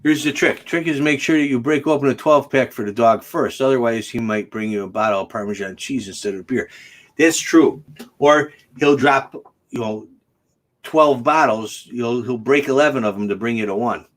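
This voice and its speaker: A man's voice: mid-range voice, fairly quick. A man hosting a casual livestream chat, joking and chatty and laughing often. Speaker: host.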